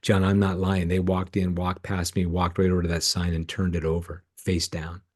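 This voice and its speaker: A middle-aged Canadian man, a ministry founder appearing as a podcast guest, tells stories in an earnest, emotional way and acts out the dialogue. His voice sits low and is monotone, at normal speed.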